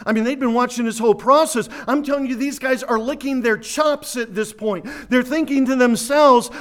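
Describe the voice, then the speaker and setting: Guy preaching a sermon, really high voice for a man, goes verse by verse and gets animated. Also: brisk, hardly any pauses. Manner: animated Bible teaching, verse by verse.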